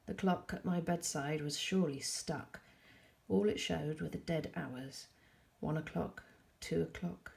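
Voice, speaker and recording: Teacher reading a class novel aloud, low gravelly voice, calm, measured pace. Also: female voice. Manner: calm, measured narration with soft asides.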